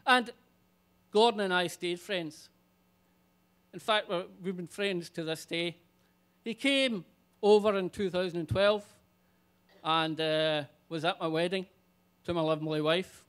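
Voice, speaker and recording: A man telling a comic personal story live on stage, animated and swearing freely. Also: sits high, a little slow, long pauses, smooth.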